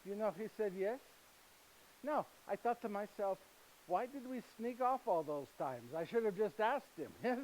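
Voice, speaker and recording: An actor playing a humble, earnest Saint Joseph in a live monologue, speaking halting, slightly broken English directly to his listeners. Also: sits high, animated, darkish tone, slight background noise, low-quality recording. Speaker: actor in first-person monologue. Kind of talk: live dramatic monologue to an audience. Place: retreat gathering with live audience.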